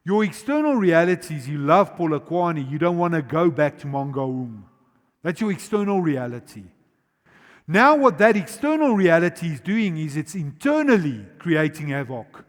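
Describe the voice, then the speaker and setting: A man preaching a sermon as pastor. He swings between loud, urgent emphasis and quiet, slowly drawn-out words, and asks the congregation questions directly. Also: on the high side, sing-song. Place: large church auditorium. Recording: long reverb of a church hall.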